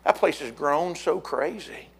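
A middle-aged man preaching a fiery sermon as pastor, building to shouted repeated words. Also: a little high, animated, a little slow, breathy edge.

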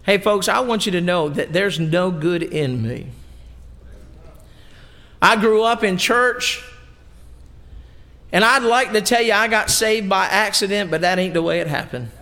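Middle-aged man as pastor, fairly high gravelly voice, folksy emphatic sermon delivery. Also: expressive, a little slow, pauses often, bright, forceful tone, big-room sound. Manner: folksy, emphatic preaching with homey asides. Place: church sanctuary.

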